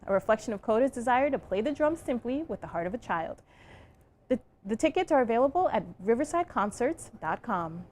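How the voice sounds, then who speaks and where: A woman presenting a local TV magazine show, her voice a bit high and upbeat. She reads scripted segments and asks guests questions, with faint ambient noise under her. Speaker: TV show host. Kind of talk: scripted segment narration and interview.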